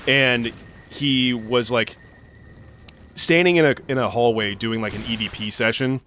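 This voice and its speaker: A man's voice: medium pitch, measured pace, bright, forceful tone, a little hiss or hum. A young man co-hosting a gaming video, rambling through a long story full of fillers and swearing while he plays. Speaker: gaming channel co-host. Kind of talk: casual let's-play storytelling.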